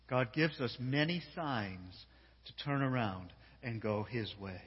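A man preaching a sermon, telling a story with lively animation and often repeating words as he builds up steam. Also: medium pitch, moderate pace, breathy edge. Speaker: pastor. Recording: dull sound with long hall reverb.

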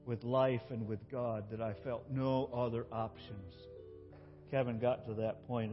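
A man preaching a sermon as a pastor, telling a story and swinging between loud emotional peaks and soft, quiet passages. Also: medium pitch, big-room sound, highs cut off. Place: church.

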